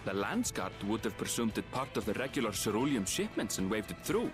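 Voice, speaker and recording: A calm frontier investigator from a video game, setting out his findings in a measured way. His pitch moves a lot as he explains, and clear game music plays behind him. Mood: explaining.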